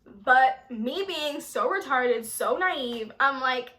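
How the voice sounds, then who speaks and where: A young woman telling a storytime vlog in a casual, animated way, swearing often and saying "like" a lot. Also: high voice, slow pace, poor audio. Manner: animated, swearing, heavy filler "like". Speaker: vlogger.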